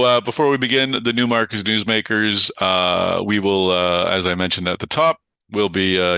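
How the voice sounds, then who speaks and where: A man's voice: lowish voice, creaky, pushed and bright, no echo. A man hosting a podcast, talking in a loose, casual way with frequent fillers. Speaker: podcast host.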